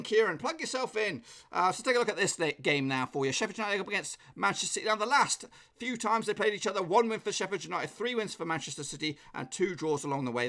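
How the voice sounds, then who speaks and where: A man with an English accent and a slightly hoarse voice, casually chatting on a live stream and reading out viewers' football predictions. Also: sits high, bright, forceful tone.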